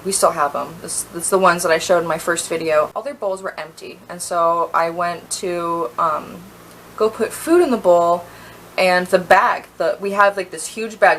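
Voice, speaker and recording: A woman's voice: on the low side, fairly bright tone, a little hiss or hum, rough recording. A young woman in a storytime vlog, ranting heatedly with lots of fillers and sounding a little tipsy.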